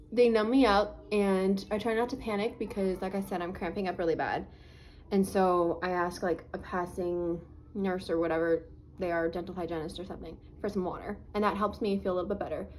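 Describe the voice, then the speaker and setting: A woman's voice: medium pitch, slight background noise, rough recording. A woman vlogger telling a personal story to camera in a casual, chatty way, full of "like" fillers, talking through a swollen, sore face. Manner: earnest, faith-minded reflection.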